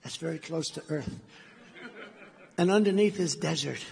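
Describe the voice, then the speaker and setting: Gravelly older man telling a rambling story. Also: a little high, normal speed, a little mellow. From United States. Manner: repetitive, meandering storyteller who acts out dialogue. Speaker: gala speaker. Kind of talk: rambling speech anecdote. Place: large banquet hall. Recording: reverberant hall sound.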